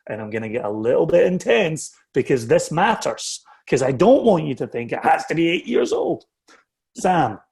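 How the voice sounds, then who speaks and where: A man's voice: medium pitch, creaky, dark tone. Emphatic man explaining with rising intensity. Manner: emphatic, keeps asking "right?". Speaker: independent whisky bottler. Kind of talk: passionate explanatory talk.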